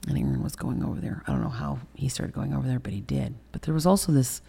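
Interview guest: woman in her sixties, very low gravelly voice, blunt, profane storyteller. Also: quick pace, mellow, slight background noise. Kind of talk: candid storytelling in a podcast interview.

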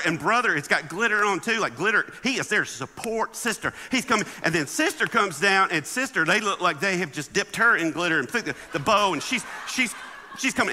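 A man giving a humorous sermon as a guest speaker, animated and acting out the people in his stories. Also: sits high, slight background noise. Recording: long hall reverb.

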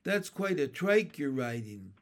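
A man's voice: a little high, big pitch swings, unhurried. A man doing a breezy older schoolboy. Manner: breezy, offhand. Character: friendly older schoolboy on a bike.

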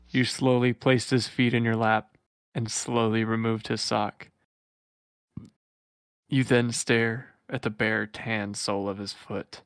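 A man reading fan fiction aloud on a comedy podcast, keeping a flat, steady delivery at a middle pitch. The sound is close and dry, with no room echo. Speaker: podcast co-host.

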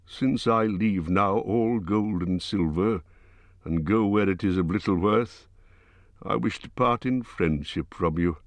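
Grave dwarf king, dying, noble, very slow solemn delivery, a bit off-mic, voiced by a man. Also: low voice, no echo.

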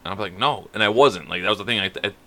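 A young man, a podcast co-host in casual chat who makes quick, joking interjections. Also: low-pitched, sharp tone.

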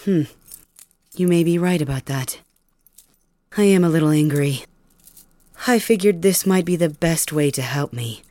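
A woman voicing a cold, cruel young male king, calm and mocking, in an ASMR audio role-play. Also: low voice, unhurried, long pauses. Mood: coldly cruel.

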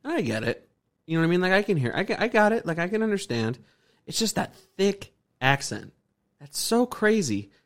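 Excitable man hosting a podcast, lively pitch. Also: a little fast. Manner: excitable, swearing, repeats himself. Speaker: podcast host. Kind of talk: casual chat.

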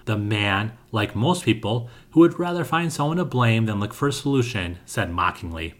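A man narrating a scripted fantasy story with a steady, dramatic reading. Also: lowish voice, normal speed, few pauses.

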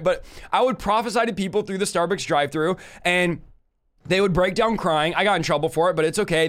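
A young man hosts a ministry talk show with fervent storytelling and quick asides. His voice sits high and comes through smooth and clear. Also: fairly bright tone. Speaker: host.

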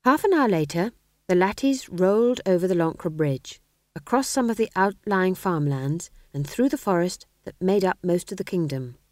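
A woman reading a comic fantasy novel aloud as the audiobook narrator, in a wry, measured storytelling manner. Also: lowish voice, expressive, dry recording, clean studio sound. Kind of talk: scripted narration.

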